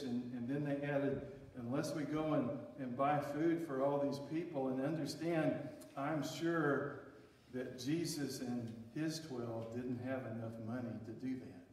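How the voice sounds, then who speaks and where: High-voiced preacher in an echoing hall. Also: male voice, a little mellow. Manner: preaching with emphatic rises and drops. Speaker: pastor. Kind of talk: sermon. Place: church sanctuary. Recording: echoey hall, voice from far off.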